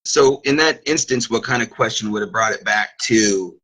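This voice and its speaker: A man's voice: lowish voice, moderate pace, a bit bright, husky, rough recording. A man taking part in a practice session over an online voice chat, answering hesitantly and restarting his phrases. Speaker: student. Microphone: online voice chat mic.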